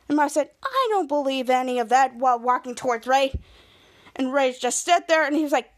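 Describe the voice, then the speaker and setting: Young woman, high voice, casual recap, animated, gasps, acts out characters' lines. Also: a little fast. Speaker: podcast host recapping a TV episode.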